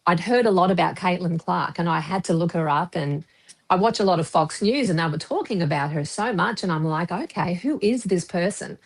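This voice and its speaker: A chatty Australian woman calls in to a live sports talk stream. She sits a little low in pitch for a woman and talks in a friendly, rambling way, with small restarts. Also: fairly quick. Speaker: caller. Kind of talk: casual call-in chat.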